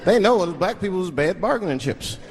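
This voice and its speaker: A man's voice: sits high, animated, normal speed, creaky, very noisy. A male stand-up comedian telling loose stories on stage, breaking into voiced asides. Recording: live stage with loud audience laughter.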